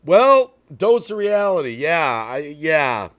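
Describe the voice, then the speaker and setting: A man's voice: on the high side, big pitch swings, takes it slowly, a bit bright. A man hosting a live stream, ranting bluntly to his chat and breaking off to apologize for getting worked up. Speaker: livestream host.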